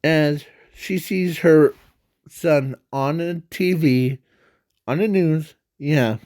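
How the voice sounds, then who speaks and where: A man's voice: fairly high pitch, extremely slow, darkish tone, no room sound, clean studio sound. A man telling an unscripted fan story in a rambling, hesitant way, full of fillers and self-corrections.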